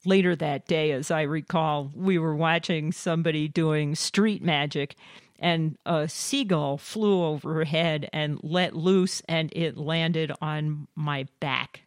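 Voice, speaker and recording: A woman's voice: low-pitched, slow, no room sound, clean studio sound. A woman co-hosting a show, telling stories and reading listener submissions in a matter-of-fact way. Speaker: co-host.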